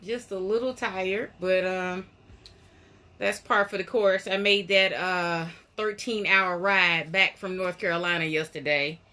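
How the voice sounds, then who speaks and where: A woman's voice: on the low side, steady tone, measured pace, bright, forceful tone. A woman hosting a casual live stream from her doll room at home, chatting and greeting viewers by name, a little out of breath. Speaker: host of a weekly live stream about dolls. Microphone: phone live stream.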